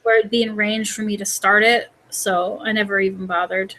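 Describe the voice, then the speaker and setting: A woman's voice: mid-range voice, fairly even intonation, normal speed, sharp tone, rough recording. A woman vlogger and host in casual chat, chatty and rambling with many fillers.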